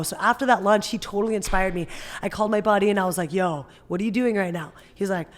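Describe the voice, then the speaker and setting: A young woman from Northern California, a podcast guest, talking casually and acting out quotes with big leaps in her voice. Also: fast. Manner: animated storyteller, acts out quotes with big jumps up in pitch. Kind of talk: casual interview chat.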